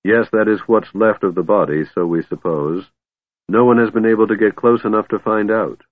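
Male narrator as a sniffy, pompous lord, low voice, tinny dry audiobook sound. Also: moderate pace, dry recording, lightly acted. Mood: dismissive. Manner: sniffing, dismissive, indulgent. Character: pompous, gloomy older city lord. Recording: narrow phone-like audio, dry.

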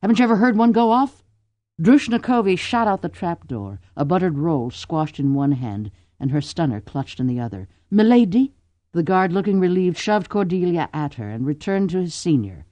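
A woman narrating a novel aloud with expressive, lively storytelling. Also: deep voice, moderate pace, few pauses, no room sound. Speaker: audiobook narrator. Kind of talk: scripted narration.

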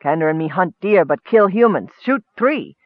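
A man's voice: sits high, animated, normal speed, no room sound, phone-quality sound. A man voicing a nervous male goblin hunter who talks in choppy broken grammar, in an audiobook.

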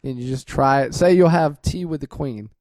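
An adult joking and teasing a friend in a relaxed, casual conversation. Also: mid-range voice, moderate pace, no room sound. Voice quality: teasing, laughing. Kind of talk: casual comedic chat.

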